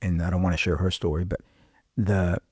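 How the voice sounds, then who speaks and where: Pastor guest, low voice, dry studio sound; animated testimony storyteller who acts out quoted lines. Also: male voice, brisk, slightly rough, dry recording. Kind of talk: personal testimony in casual interview.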